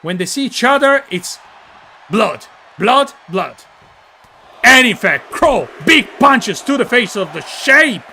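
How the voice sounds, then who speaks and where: A man's voice: very high-pitched, very animated, slow, pushed and bright, a little hiss or hum. A man with an Italian accent, hosting and commentating a wrestling show, joking and reading chat names aloud. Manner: jokey, reads chat names aloud, hypes the ring entrances.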